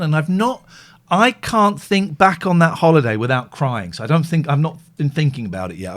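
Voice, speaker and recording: A middle-aged man with an English accent hosts a live show in a loose, candid way. He rambles, restarts and reads out messages from listeners, at an ordinary pitch for a man. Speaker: radio show host. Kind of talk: casual live show chat.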